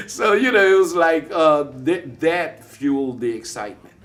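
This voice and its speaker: A man telling an excited, lively story in a documentary interview. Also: on the high side, moderate pace, few pauses.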